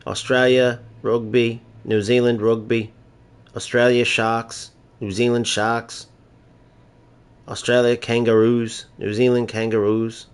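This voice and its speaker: A man's voice: medium pitch, little pitch movement, slow pace, clean tone. An American man streaming a football video game, chatting casually and joking with viewers while he plays. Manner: talkative, joking, opinionated. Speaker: gaming streamer. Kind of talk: casual gameplay commentary.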